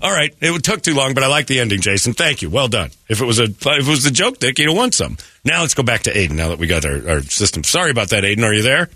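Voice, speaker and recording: A quick-talking male radio host with a bright, slightly husky voice and lively swings in pitch. He jokes and teases in loose, casual chat, with a dry, close studio sound. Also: dry recording. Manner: joking, teasing, quick. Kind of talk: casual morning radio talk.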